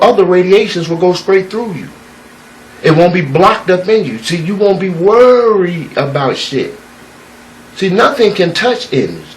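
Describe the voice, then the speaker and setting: A man's voice: on the high side, slight background noise, poor audio. A man telling a parable and giving a spiritual talk, loose, preachy and full of profanity.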